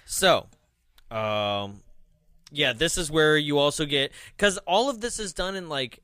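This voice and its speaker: A man's voice: a little high, expressive, a little slow, sharp tone, dry recording, studio quality. A young man chatting casually on a podcast, reviewing a movie in a rambling way with lots of fillers and restarts.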